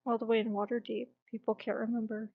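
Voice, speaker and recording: A woman's voice: fairly high pitch, flat delivery, fast talker, no room sound, narrow, tinny audio. A woman voicing a firm, guarded adventurer. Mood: stern. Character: stern, guarded grown male adventurer.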